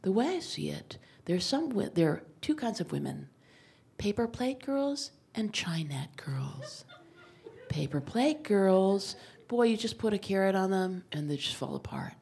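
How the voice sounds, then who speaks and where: A woman putting on the voice of a gentle, comforting female doctor who gives soothing advice in a hushed half-whisper. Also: very high-pitched, fairly even intonation, slow pace, gravelly, hardly any pauses, voice pushed up, heavily acted.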